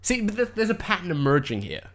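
A man's voice: high-pitched, sing-song, fast, a loud crowd. A young man hosting a casual podcast chat. He rambles with lots of fillers and laughs often. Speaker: podcast host.

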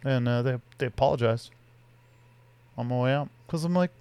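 A man's voice: medium pitch, moderate pace, a little mellow, clean tone. A man co-hosting a podcast, telling a rambling, profane story in casual chat. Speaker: podcast co-host.

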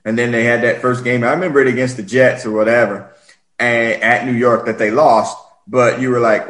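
A man hosting a casual sports chat, rambling and animated, often acting out what players say. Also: medium pitch, fairly quick, poor audio.

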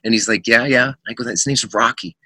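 A middle-aged man, a musician guest, telling lively anecdotes in casual chat and acting out the voices of people in them. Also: medium pitch, a little fast, slightly rough, no echo. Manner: animated anecdotes with quoted voices.

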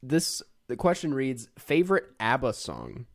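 Speaking at a measured pace, this co-host has a medium-pitched voice with huge pitch swings. He keeps things upbeat and relaxed as he chats and reads listener questions, in clean studio audio with no echo.

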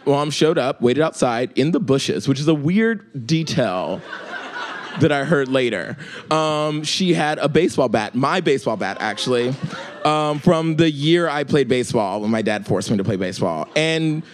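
A man in his twenties telling a comic story, profane and rambling, with many fillers. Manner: jumps up high for emphasis, drops low and quiet for quotes.

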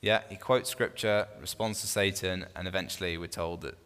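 A man's voice: deep voice, steady tone, moderate pace, a bit bright, clear, resonant tone. Man teaching a Bible study group in a reverberant room. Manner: conversational, with frequent restarts and questions to the group. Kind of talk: informal teaching to a small group.

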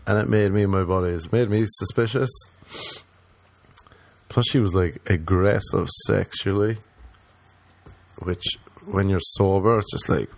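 A man's voice: sits low, measured pace, gravelly, long pauses, dry recording. A young man telling a rambling, profane comic monologue. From Ireland. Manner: rambling, profane, mocking asides. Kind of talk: casual stand-up style monologue.

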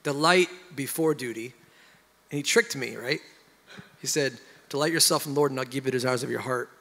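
Gravelly-voiced pastor sharing a heartfelt story. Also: male voice, a little fast, in a large hall. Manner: animated, emotional storytelling, rising loud at high points. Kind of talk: candid conversational testimony.

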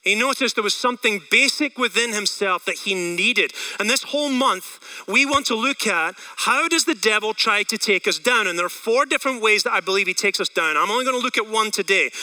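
A man with a Scottish accent preaching a sermon as a pastor. He talks in an energetic, conversational way and asks the congregation questions. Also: sits high, distant mic, poor audio. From Scotland.

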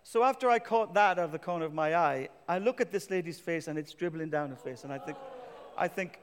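High-voiced pastor preaching in reverberant hall. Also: male voice, a little fast, smooth. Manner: self-deprecating, storytelling, builds to emphatic declarations. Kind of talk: sermon with personal story. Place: church.

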